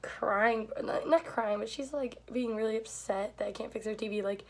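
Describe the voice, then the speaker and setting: A woman's voice: on the high side, moderate pace. A young woman telling a story in a casual vlog, chatty and full of "like", swearing now and then. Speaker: vlogger.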